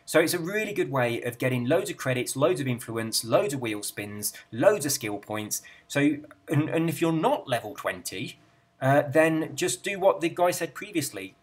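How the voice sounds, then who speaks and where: Chatty Englishman with a lively voice. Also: fairly high pitch, normal speed. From England. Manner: rambling, chatty, self-deprecating. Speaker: gaming channel host. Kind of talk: casual chat reading viewer comments.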